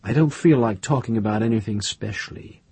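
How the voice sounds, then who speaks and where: A man's voice: on the low side, brisk, a little mellow, breathy edge, no room sound. A man doing a curt, fed-up young woman. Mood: irritated.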